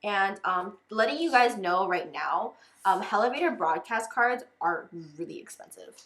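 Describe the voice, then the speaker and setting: A woman's voice: medium pitch, lively intonation, moderate pace, a bit bright. A young woman vlogging in a casual unboxing chat, talking loosely and filling nearly every phrase with "like". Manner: chatty, fills with "like" constantly.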